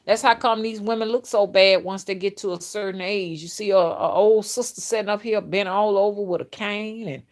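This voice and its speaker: A woman's voice: medium pitch, steady tone, normal speed, hardly any pauses. A woman, a spiritual reader talking in a blunt, graphic casual monologue and laughing along.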